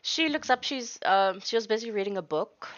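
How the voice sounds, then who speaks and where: A woman's voice: mid-range voice, animated, moderate pace, fairly bright tone, highs cut off, slight background noise. A woman narrating a tabletop game as game master, describing scenes in a chatty way with frequent restarts.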